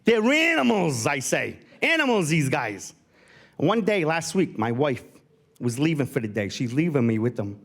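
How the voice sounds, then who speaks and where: A man from Rhode Island doing a stand-up routine on a theatre stage, landing punchlines deadpan. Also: moderate pace, creaky. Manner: deadpan punchlines, voice swinging high and low. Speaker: stand-up comedian.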